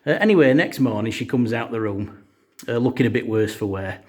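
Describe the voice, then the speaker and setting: A man's voice: mid-range voice, animated, brisk, a little mellow. A man telling a comic story, rambling with lots of fillers.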